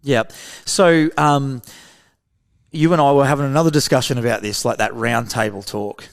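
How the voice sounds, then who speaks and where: On a podcast, an Australian man who founded a veterans' program speaks as a guest in casual interview talk. His creaky voice sits at medium pitch with a steady tone and normal speed. He talks earnestly, acting out short bits of dialogue.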